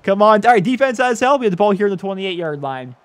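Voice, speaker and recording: Man, high pitch, very animated, excitable gameplay commentary, laughing, talks to viewers. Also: fast talker. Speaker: gaming YouTuber.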